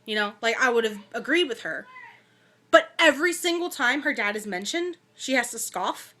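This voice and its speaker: A woman's voice: fairly high pitch, lively intonation, normal speed, pushed and bright. A young woman vlogger giving a chatty, ranting movie review, full of fillers and asides. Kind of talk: casual movie review rant.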